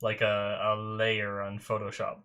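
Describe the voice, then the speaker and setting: In his bedroom at home, a young man chats casually as an anime reaction host, rambling through a story with many restarts. His voice is on the low side and a bit bright.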